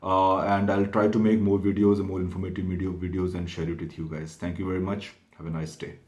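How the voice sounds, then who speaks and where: A man giving an informal, step-by-step explainer talk to viewers, halting often and correcting himself as he goes. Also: deep voice, level tone, a little mellow. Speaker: exam prep channel host. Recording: echoey room.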